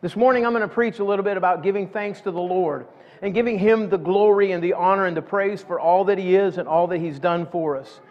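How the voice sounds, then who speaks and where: A middle-aged pastor delivers a folksy sermon in his church sanctuary, speaking fairly quickly in a high voice. He keeps repeating words as he works up to each point, and the recording is dull with a long hall reverb.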